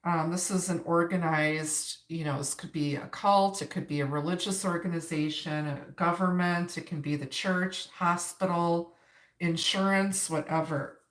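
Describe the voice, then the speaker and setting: Woman, Upper Midwest accent, tarot reader on a live stream, chatty, lowish voice, echoey room. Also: steady tone, normal speed. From Wisconsin, United States. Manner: chatty, greets viewers, frequent fillers and laughs. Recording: roomy echo.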